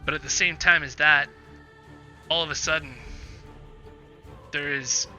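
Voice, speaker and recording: A man's voice: a little high, steady tone, unhurried, bright, forceful tone, soft background music. A man narrating as game master in a tabletop game, describing scenes with frequent fillers and restarts.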